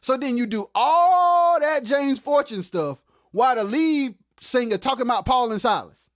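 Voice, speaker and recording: A livestream co-host giving impassioned commentary on music production. They get fired up and shout, then drop into quiet asides, and repeat phrases for emphasis. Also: high voice, lively intonation, moderate pace, no echo, studio quality. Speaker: co-host of a live music talk stream.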